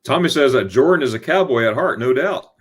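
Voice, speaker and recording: A man hosting a relaxed online chat, speaking at a moderate pitch. He tells stories animatedly, stumbling and restarting often as he goes. His voice comes through a video call. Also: a little fast, slightly rough. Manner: animated storyteller, many restarts. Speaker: host. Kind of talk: casual livestream chat.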